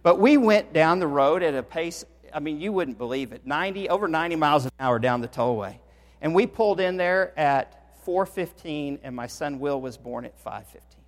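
Higher-voiced preacher in a reverberant hall. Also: male voice, moderate pace. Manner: animated storytelling, swells in volume for emphasis. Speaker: pastor. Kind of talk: sermon. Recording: long reverb of a large hall.

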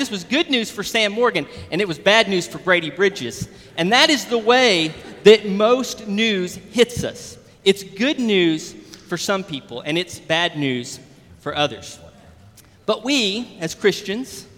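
A man's voice: high-pitched, bright, forceful tone. A man preaching a sermon as pastor, in a conversational preaching manner that builds through examples. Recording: long hall reverb.

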